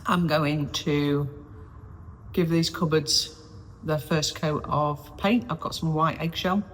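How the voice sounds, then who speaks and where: A woman's voice: low-pitched, fairly even intonation, takes it slowly. A woman, chatting casually and self-deprecatingly to her own camera while doing DIY in a caravan, rambling and losing her train of thought. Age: 40s. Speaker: vlogger. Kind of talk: casual solo vlog chat. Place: small caravan interior under renovation, windy day. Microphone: self-filmed camera on a stabilizer, sometimes far off. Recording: echoey small room, faint wind noise.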